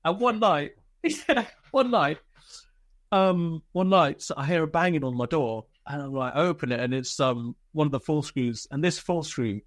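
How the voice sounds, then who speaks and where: A man's voice: fairly high pitch, lively intonation, moderate pace, no room sound, clean studio sound. A male army veteran from Britain telling swearing, laughter-filled war stories in a casual interview.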